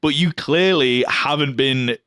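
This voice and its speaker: Brief: man, mid-pitched co-host, loose and rambling, dry close mic. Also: a little slow, bright, forceful tone, smooth, no echo. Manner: rambling, laughs between his thoughts. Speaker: podcast co-host. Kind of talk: casual chat.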